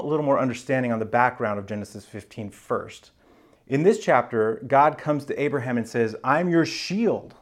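A male pastor teaches a sermon in a relaxed, conversational way, slipping in slang and asides. His voice sits at an ordinary middle pitch.

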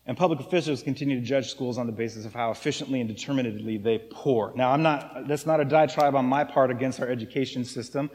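A man preaching a sermon to his congregation in a relaxed, conversational way, often checking in with "right?". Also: mid-range voice. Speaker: pastor. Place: church sanctuary. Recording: long hall reverb.

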